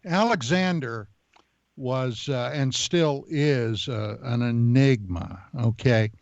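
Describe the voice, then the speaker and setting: A male podcast host talks in an easygoing, hesitant way at a middle pitch. The recording is dry and dull, with a lo-fi sound. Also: slow pace, darkish tone, no echo. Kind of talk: conversational podcast talk.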